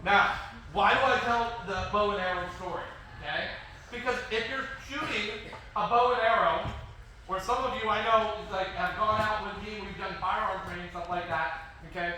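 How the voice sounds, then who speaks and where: Energetic taekwondo instructor guy, kinda high voice, far from the mic in a super echoey gym. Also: normal speed. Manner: energetic, animated, calls out drills. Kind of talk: class instruction and storytelling. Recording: echoey hall from far off, noisy.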